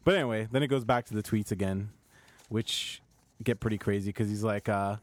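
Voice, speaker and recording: A man's voice: fairly low pitch, brisk, dry recording. A man co-hosting a casual podcast chat, reading posts aloud and breaking into laughter, with frequent restarts. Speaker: podcast co-host reading news.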